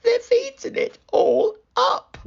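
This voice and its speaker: A man voicing a tiny, squeaky male baby bear cub in a storybook reading. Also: big pitch swings, slow pace, creaky, lo-fi sound, heavily acted. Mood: whiny.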